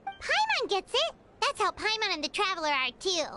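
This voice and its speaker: A woman's voice: very high-pitched, wildly swooping pitch, normal speed, heavily acted. A woman voicing a tiny, bubbly girl guide who speaks of herself in the third person, in a video game. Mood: cheerful. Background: game music.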